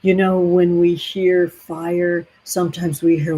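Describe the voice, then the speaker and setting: A woman hosting a tarot livestream, chatting warmly with viewers from home, gentle and emotional, calling everyone honey and sweetheart. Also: lowish voice, little pitch movement, takes it slowly, poor audio. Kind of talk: casual livestream chat with viewers. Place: home near the ocean.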